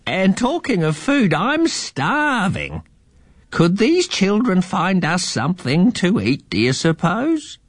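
A man voicing a strange little old man who claims to be an eagle, with a high drawling squawk. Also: huge pitch swings, slow, no echo, studio quality, heavily acted. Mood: hungry.

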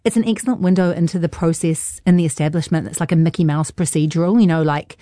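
A woman's voice: deep voice, fairly even intonation, quick pace, warm tone, dry recording, studio quality. A woman reviewing films in casual radio chat, enthusiastic and gushing. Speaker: film reviewer.

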